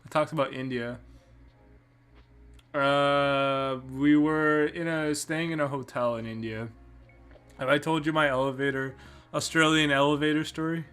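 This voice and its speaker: Man, Canadian accent, podcast host, rambling storyteller, bright forceful tone, faint music behind. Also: on the high side, steady tone, a little slow, long pauses, clear, resonant tone. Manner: rambling, many restarts and fillers. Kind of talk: casual chat, telling a travel story.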